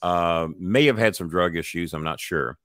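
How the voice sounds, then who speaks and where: As a podcast guest, an older man with a cough tells a story bluntly, swearing heavily and acting out voices. His voice is low-pitched and a bit bright at normal speed, recorded in studio quality with no echo.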